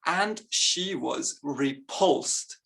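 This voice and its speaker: A man's voice: fairly high pitch, animated, drawn-out words, vocal fry, sharp tone. A young man performing a stand-up comedy set, chatty and self-mocking, laughing between his lines. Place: live comedy event on stage.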